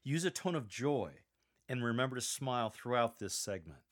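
A man's voice: medium pitch, big pitch swings, normal speed, a bit bright. A man teaching how to read scripture aloud, giving emphatic instructions with wry asides. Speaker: lector coach.

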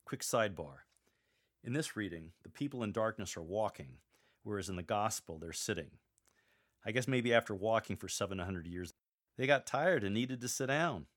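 A man's voice: on the low side, expressive, normal speed, fairly bright tone. A man teaching how to read scripture aloud, giving emphatic instructions with wry asides. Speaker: lector coach.

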